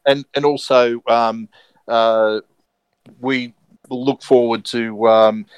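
A man's voice: medium pitch, fairly even intonation, takes it slowly, smooth, no echo, rough recording. A man co-hosting a sports podcast, talking hesitantly and picking his words carefully. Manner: hesitant, many fillers and restarts, careful wording. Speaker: podcast co-host. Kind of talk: casual sports podcast chat.

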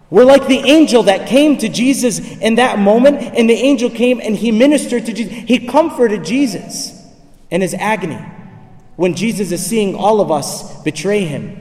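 A man's voice: sits high, a little mellow. A male priest preaching a sermon with impassioned, repeated rhetorical questions, recorded from far off in a church. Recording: echoey church hall from far off.

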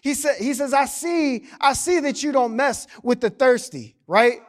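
Male pastor, very high voice, animated sermon delivery with playful asides. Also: measured pace. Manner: animated, joking asides to the congregation.

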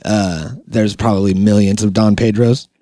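A man's voice: fairly low pitch, little pitch movement, mellow, no echo. Joking man on a dry podcast mic. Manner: joking, storytelling, quick laughs. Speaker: podcast co-host. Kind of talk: casual chat.

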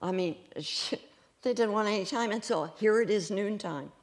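A woman preaching a sermon, telling stories in an animated way and laughing often as she goes. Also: mid-range voice, normal speed. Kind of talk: sermon storytelling.

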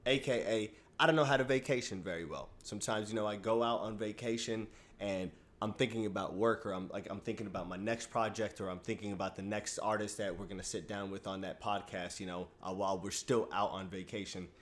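A man hosting his own podcast, talking casually, swinging between loud hype and low mumbling, with many fillers. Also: fairly even intonation, a little fast, few pauses. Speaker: podcast host. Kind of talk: casual solo podcast monologue.

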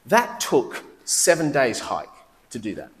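Preacher in a reverberant hall. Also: male voice, medium pitch, a little slow. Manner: lively conversational preaching with rhetorical questions. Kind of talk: sermon. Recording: long reverb of a large hall.

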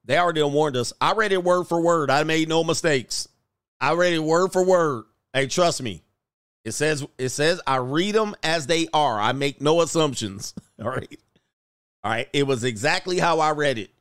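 A man's voice: fairly high pitch, moderate pace, fairly bright tone, clear, resonant tone, no room sound, studio quality. A man hosting a casual livestream, joking and laughing as he reads out viewer comments. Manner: joking, laughs often, slangy. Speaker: show host.

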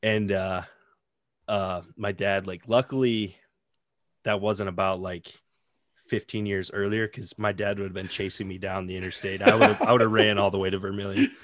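A man's voice: lowish voice, level tone, moderate pace, fairly bright tone, no echo, clean studio sound. A man in his twenties, a podcast co-host, telling stories in casual chat with lots of "like" fillers. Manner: rambling storyteller, frequent "like" fillers.

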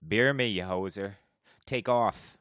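A jokey, beer-loving Canadian guy in an exaggerated mock Canadian accent, as a podcast host puts him on. His voice is raised and loud, his manner teasing and hammy, recorded dry and close. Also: on the low side, slow, no room sound, voice pushed up. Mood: rowdy.

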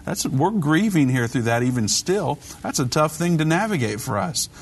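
A man hosting a Christian call-in radio show, talking briskly and conversationally while preaching to callers. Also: a little high, big pitch swings, husky.

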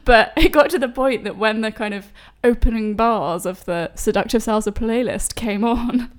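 A young woman with a slightly high voice tells stories in a relaxed podcast chat. She is chatty and self-deprecating, and her talk is full of fillers and restarts. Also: normal speed.

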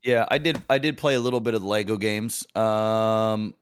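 A man's voice: fairly low pitch, moderate pace, a little hiss or hum. A man co-hosting a casual podcast who answers in a laid-back way with short, easy replies. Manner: laid-back, brief replies, laughs along. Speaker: podcast co-host.

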